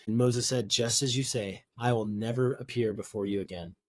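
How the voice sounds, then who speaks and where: A man's voice: mid-range voice, fairly even intonation, moderate pace, darkish tone, no echo. A man co-hosting a podcast, reading Bible passages aloud and chatting casually about them with offhand jokes. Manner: reads scripture aloud, then riffs with offhand jokes. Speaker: podcast co-host. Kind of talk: casual Bible study chat.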